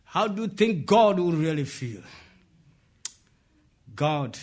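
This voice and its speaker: A man preaching an impassioned sermon, often shouting and putting questions to the congregation. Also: fairly high pitch, sing-song, slow pace.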